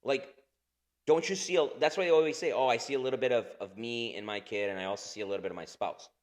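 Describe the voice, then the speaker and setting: A man's voice: medium pitch, fast. A man in his thirties co-hosting a podcast in casual chat, rambling, swearing a lot and laughing often. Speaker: podcast co-host.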